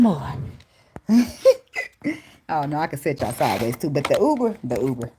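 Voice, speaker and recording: Reading tarot for her viewers from her phone at home, a woman with an extremely low, dark voice jokes and swears her way through a loose spiritual reading vlog. She is very animated and speaks at a moderate pace. The phone recording is noisy.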